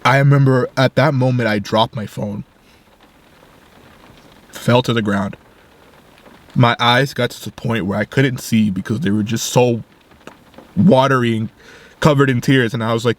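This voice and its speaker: Young male vlogger, mid-pitched, soft and faltering, personal story to camera. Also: fairly even intonation. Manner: quiet, halting retelling with restarts. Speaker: video creator.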